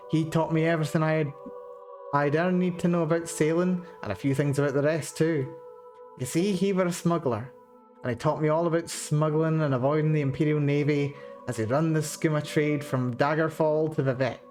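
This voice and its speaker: A woman voicing a gruff, boastful old male pirate captain with a Scottish accent and rough sailor dialect, reading a journal aloud in character. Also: low voice, moderate pace, darkish tone, soft background music, natural voice.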